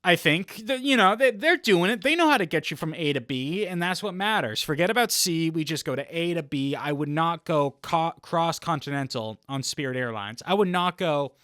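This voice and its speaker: Young man, comedy podcast host, rambling deadpan bits, fairly high voice, bright forceful tone, dry close sound. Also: moderate pace, hardly any pauses, dry recording. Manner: rambling deadpan jokes, laughs at his own lines. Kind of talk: comedic solo podcast monologue.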